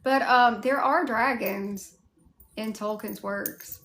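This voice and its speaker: Southern woman livestreamer, gravelly and slow, higher pitch, candid chat host. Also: a bit bright. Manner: chatty and candid, with mild swearing. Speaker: cosplay livestreamer. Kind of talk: casual livestream chat, answering viewer comments.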